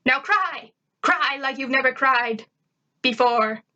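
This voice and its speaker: A boastful little alien conqueror, put on by a woman, pitched up high and declaring everything with grand self-importance. He sounds shrill and full of himself, the way a storybook villain of a fan tale would. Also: slow, sharp tone, dull audio, full character voice. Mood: pompous. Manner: pompous, theatrical declarations.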